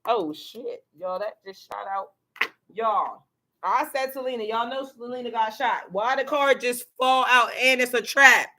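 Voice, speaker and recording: A tarot reader doing a casual live card reading, excitable and chatty, swearing freely and talking to viewers and a helper. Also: medium pitch, unhurried. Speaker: tarot reader and spiritual coach.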